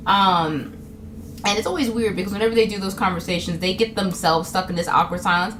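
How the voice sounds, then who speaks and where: A young New York vlogger talks to camera in a casual comedic monologue, chatty and laughing a lot as she acts out other people's lines. Her mid-range voice is a little fast and fairly bright, with slight background noise.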